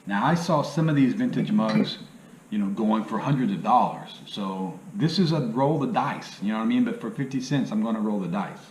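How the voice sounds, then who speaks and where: Folksy lower-voiced man with a hillbilly accent. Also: lively intonation, normal speed. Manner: rambling, folksy, says "you know what I mean" often. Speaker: reselling vlogger. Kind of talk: casual vlog talk. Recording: echoey room with faint ambient noise.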